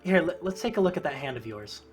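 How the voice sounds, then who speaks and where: A tabletop game master voicing a gentle female healer who speaks softly and haltingly. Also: medium pitch, expressive, faint music behind, natural voice.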